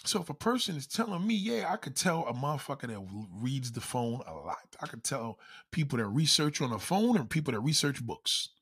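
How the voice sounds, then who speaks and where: A man ranting in a loud, profane, comedic style, constantly swearing and acting out quoted voices. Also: mid-range voice, sing-song, a little fast, husky.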